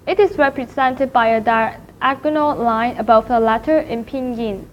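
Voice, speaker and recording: A woman teaching a language class in a recorded lecture, speaking slowly and carefully and repeating each syllable to demonstrate it. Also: fairly high pitch. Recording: dull lo-fi recording with faint noise.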